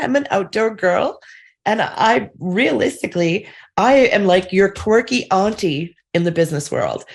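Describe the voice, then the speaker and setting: A woman chatting on a podcast in a candid, self-deprecating way. Her voice sits at an ordinary middle pitch. She speaks in a loose, conversational manner. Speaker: podcast guest. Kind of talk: casual podcast chat.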